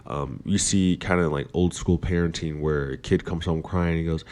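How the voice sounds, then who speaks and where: Very deep-voiced man musing rambly. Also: fairly even intonation, normal speed, a little mellow. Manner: rambling, many fillers and restarts. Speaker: podcast host. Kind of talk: casual philosophical monologue.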